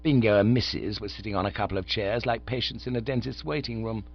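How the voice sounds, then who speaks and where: A man narrating an audiobook in the first person with relaxed, lightly comic storytelling. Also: lowish voice, fast talker, slightly rough, lo-fi sound.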